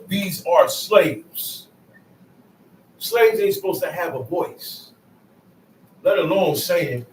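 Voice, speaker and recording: A man's voice: high voice, slight background noise. A man doing a scoffing slangy pharaoh. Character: dismissive arrogant Egyptian king, man. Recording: echoey room, mic far off.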